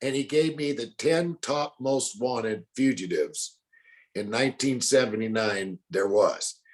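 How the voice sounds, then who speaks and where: Speaking at a measured pace in a mid-range voice, a drawling man in his sixties shares folksy stories as an interview guest. He voices the other characters' lines as he tells them casually.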